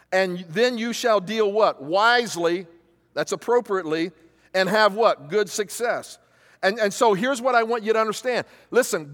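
A man's voice: high-pitched, a bit bright. A man preaching as a pastor to his congregation, repeating key phrases and asking questions for the crowd to answer. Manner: call-and-response, repeats phrases for emphasis. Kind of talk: sermon. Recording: long hall reverb.

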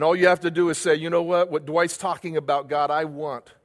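Male preacher with a high voice, repeating phrases for emphasis, heard in a reverberant church hall. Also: flat delivery, fairly quick, hardly any pauses. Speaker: pastor. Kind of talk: sermon.

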